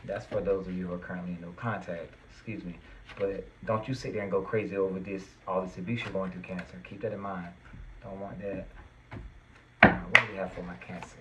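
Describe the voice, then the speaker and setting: A man's voice: low-pitched, fairly even intonation, a little fast, noisy background. A man giving a tarot reading to his viewers, earnest and reassuring, at times getting worked up and emphatic. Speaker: tarot reader.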